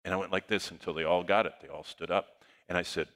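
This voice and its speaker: A male pastor telling a story in a sermon, animated, swinging between loud bursts and hushed asides. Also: deep voice, fast. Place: church auditorium. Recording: long hall reverb.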